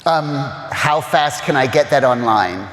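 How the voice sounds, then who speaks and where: A man telling personal stories in an emotional, conversational way, often pausing with "you know" and close to tears at times. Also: mid-range voice, animated, a bit bright. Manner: heartfelt, choked up at times, many "you know" fillers. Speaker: interview guest, real estate agent. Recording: roomy reverberant hall.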